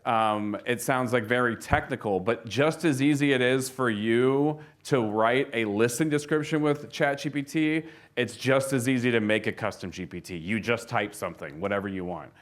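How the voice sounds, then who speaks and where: A man's voice: mid-range voice, moderate pace. A man giving a casual seminar talk to an audience of real estate agents, telling stories with lots of fillers and restarts. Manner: chatty storyteller, frequent fillers and restarts.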